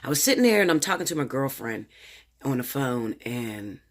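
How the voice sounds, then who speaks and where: Male tarot reader, nervous, stammering, swears a lot, slangy and rambling, mid-pitched voice, casual talk to the camera. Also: very animated, normal speed, a bit bright. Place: at home, late at night.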